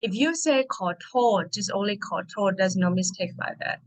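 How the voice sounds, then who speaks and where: This is a woman with a Thai accent giving an online language lesson. She speaks patiently and repeats each word slowly so her learners can follow along. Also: mid-range voice, lively intonation, rough recording.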